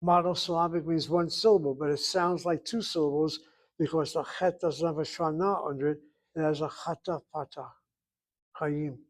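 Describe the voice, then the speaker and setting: A man's voice: a little high, fairly even intonation, normal speed. A man teaching a Hebrew class, emphatic and repetitive, correcting students and thinking aloud over spelling.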